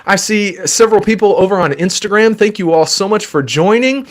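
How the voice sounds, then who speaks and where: Gentle, patient male therapist. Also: high voice, lively intonation, fairly quick. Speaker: child therapist and podcast host. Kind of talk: live Q&A advice. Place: home desk. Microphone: desk microphone.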